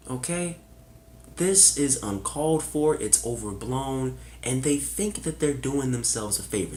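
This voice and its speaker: A man delivers a fired-up political rant in a casual, cussing register, stacking sarcastic rhetorical questions. His voice sits at an ordinary middle pitch but leaps up when he gets loud, then drops to a grumble. The room around him rings with echo. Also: a little hiss or hum. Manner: casual, swears, says y'all. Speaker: political commentator. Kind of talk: opinion monologue.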